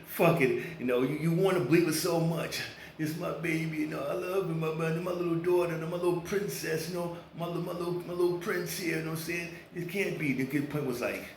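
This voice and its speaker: A man's voice: a little high, fairly bright tone, roomy sound, slight background noise, low-quality recording. A man ranting casually to his viewers, swearing a lot and acting out quoted voices as he tells a story. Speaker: vlogger. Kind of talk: casual rant to camera.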